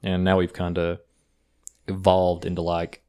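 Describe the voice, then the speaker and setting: A young man with an Eastern Kentucky accent, co-hosting a podcast and telling stories in a casual, profane, animated way. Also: sits low, a little slow, smooth. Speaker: podcast co-host. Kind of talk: casual chat.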